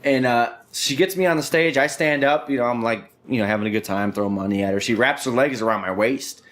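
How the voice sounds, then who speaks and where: Give me a young man hosting a casual podcast, animated and profane, with a middle-pitched voice. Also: a little fast. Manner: animated, profane, peppers speech with "dude" and "bro". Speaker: podcast host. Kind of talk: casual storytelling chat.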